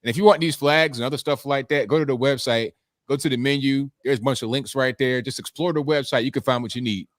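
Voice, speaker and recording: A man speaks as a guest on a casual online panel, upbeat and clear, spelling things out step by step. His voice is of ordinary pitch and recorded dry and close. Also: fast talker, no room sound.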